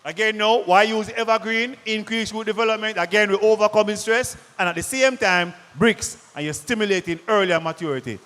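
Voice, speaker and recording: High-voiced Jamaican man pitching to a hall. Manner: energetic, quizzes the crowd with rapid questions. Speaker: product presenter at a farmers' forum. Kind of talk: lively sales presentation to a live audience. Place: large conference hall. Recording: long hall reverb.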